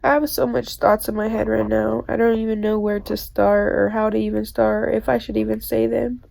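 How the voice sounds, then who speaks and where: A woman crying as she talks alone to her own camera, in a halting, hesitant confession broken by nervous laughs and swearing. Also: a little high, flat delivery, gravelly, a little mellow. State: tearful, crying. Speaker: vlogger. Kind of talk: confessional self-recorded monologue. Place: alone indoors. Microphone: self-filmed camera.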